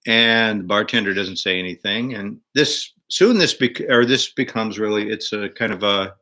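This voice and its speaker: An older man hosting a casual chat show, telling a joke in a halting, rambling way with lots of fillers and restarts. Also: on the low side, bright, forceful tone. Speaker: show host.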